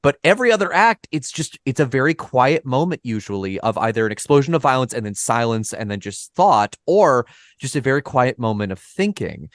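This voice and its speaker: A man's voice: medium pitch, animated, a little fast, no echo, clean studio sound. Male podcaster, mid-range voice, muses aloud with frequent fillers. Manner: thoughtful, hedging, many fillers. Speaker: podcast co-host or guest. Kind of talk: casual literary discussion.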